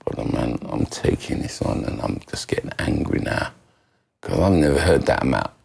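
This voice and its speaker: Gravelly husky man telling a story. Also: extremely low pitch, sing-song, normal speed, darkish tone. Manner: dramatic retelling, acting out voices and thoughts. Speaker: podcast guest, former footballer. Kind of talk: animated storytelling in casual conversation.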